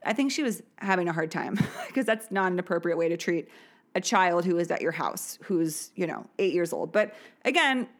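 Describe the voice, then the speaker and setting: A woman's voice: fairly low pitch, expressive, normal speed. A woman in her thirties hosting a podcast, telling a personal story in a candid, chatty way, laughing now and then. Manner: chatty, candid, often laughing, many fillers. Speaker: podcast host.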